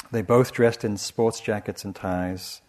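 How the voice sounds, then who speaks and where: Man, meditation teacher, dharma talk, gentle measured delivery, somewhat low voice. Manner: soft, measured and reflective, with frequent restarts.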